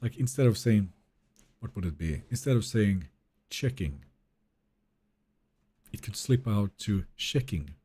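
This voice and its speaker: A man's voice: lowish voice, animated, unhurried, long pauses, warm tone, breathy edge. A man streaming a game live, chatting casually and reading viewer messages aloud in a wry, joking way that trails off into mumbles.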